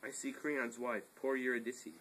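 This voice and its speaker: A man plays an elder of the chorus who presses for news, read plainly and casually as in an amateur play. His voice is mid-pitched, with a faint ambient hiss behind it. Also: level tone, normal speed, a bit bright, natural voice, poor audio. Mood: urgent. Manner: plain, casual line reading with stray laughs. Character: chorus elder of the city questioning the messenger. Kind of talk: amateur dramatic reading.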